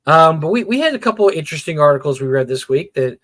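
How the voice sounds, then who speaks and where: A man's voice: a little high, fairly bright tone, no echo. A middle-aged man co-hosting a casual gaming livestream, blunt and opinionated, often repeating words as he talks. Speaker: podcast co-host.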